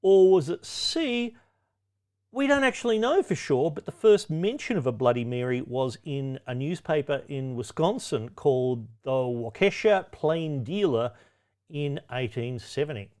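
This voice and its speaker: Sardonic quizmaster with a lively voice. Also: male voice, medium pitch, a little slow. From Australia. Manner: sardonic, with wry, cheeky asides; chatty, with frequent ums and self-corrections. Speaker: quiz host. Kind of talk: pub-quiz hosting.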